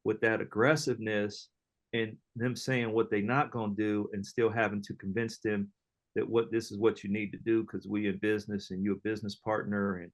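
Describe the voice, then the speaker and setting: A middle-aged man, an entrepreneur guest, telling casual stories in an animated, slangy way, often acting out other people's lines. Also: lowish voice, brisk. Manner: animated storyteller, slangy, acts out quoted voices, laughs often. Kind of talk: casual storytelling interview.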